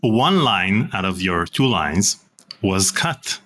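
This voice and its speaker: Deep-voiced male interview host. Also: big pitch swings, slow pace, a bit bright. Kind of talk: interview hosting.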